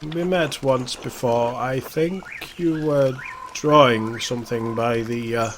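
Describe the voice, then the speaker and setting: A man voicing a friendly young male charcoal burner in a game, talking in an eager, halting way. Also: medium pitch, a little hiss or hum, lightly acted.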